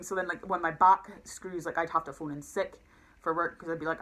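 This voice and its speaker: A woman's voice: fairly low pitch, steady tone, brisk, fairly bright tone, low-quality recording. A young woman, talking to camera in a rambling, emotional way with many fillers and restarts. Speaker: vlogger. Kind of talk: casual confessional talk to camera.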